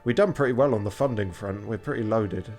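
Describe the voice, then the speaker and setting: A man's voice: on the low side, brisk, over music. A tired young man chatting casually as he streams a video game, swearing now and then in a loose, unpolished way. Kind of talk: casual commentary.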